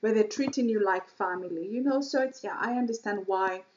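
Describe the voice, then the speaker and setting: A woman from Kenya commenting gently on a video, soft and sympathetic as she reassures the person in it. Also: mid-range voice, fairly quick, highs cut off, slight background noise. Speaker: vlog host reacting to a video. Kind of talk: casual reaction commentary.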